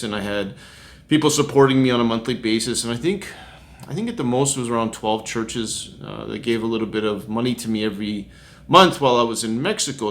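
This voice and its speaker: A Canadian-accented man speaks as a street minister, sharing a devotional testimony in a relaxed, conversational way. He is chatty and folksy and tags his sentences with a friendly "eh." His pitch sits in an ordinary middle range for a man.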